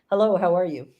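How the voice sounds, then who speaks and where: A woman's voice: fairly low pitch, dull audio. An older woman hosting an interview, encouraging her guest and laughing easily. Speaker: host, spiritual director. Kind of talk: casual interview chat.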